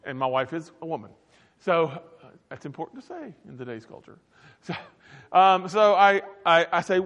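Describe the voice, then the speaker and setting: A man's voice: a little high, sing-song, normal speed, fairly bright tone. A man preaching a humorous sermon, telling stories with playful asides and acting out the quotes. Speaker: pastor. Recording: reverberant hall recording.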